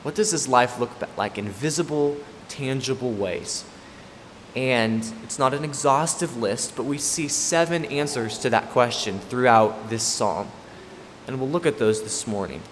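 A man's voice: medium pitch, unhurried. A man preaching a sermon, stressing and repeating his main points. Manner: emphatic, repeats key points. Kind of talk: expository sermon. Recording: long hall reverb, faint room noise.

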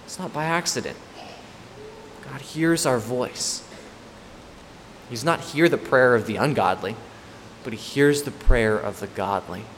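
A man's voice: mid-range voice, measured pace, pauses often, a bit bright. A man preaching a sermon, stressing and repeating his main points. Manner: emphatic, repeats key points. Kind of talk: expository sermon. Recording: long hall reverb, faint room noise.

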